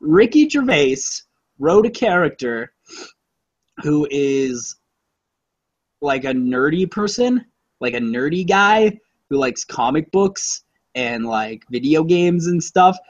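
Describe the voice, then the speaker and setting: A man's voice: fairly high pitch, very animated, slow, no echo, lo-fi sound. A man co-hosting a casual movie-review chat, rambling and profane, with lots of fillers and self-corrections. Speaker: podcast co-host reviewing a movie.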